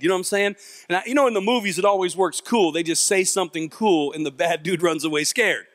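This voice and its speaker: A man with a fairly high speaking voice tells a comic story on stage to a live audience. He is animated and self-mocking, and he acts out the voices of the people in his tale. The sound is dry and close. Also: fast, no room sound. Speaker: youth mentor and speaker.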